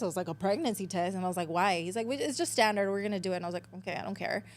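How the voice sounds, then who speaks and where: A woman's voice: medium pitch, animated, very fast. A woman in her twenties, a podcast guest, telling a story in casual chat, switching between English and Spanish, swearing freely and acting out quotes.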